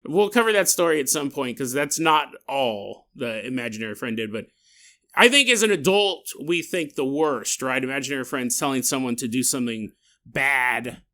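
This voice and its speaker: A man's voice: medium pitch, expressive, moderate pace, bright, forceful tone. A man hosting a podcast, casually telling a paranormal story in a chatty, digressive way and laughing at his own tale. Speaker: podcast host.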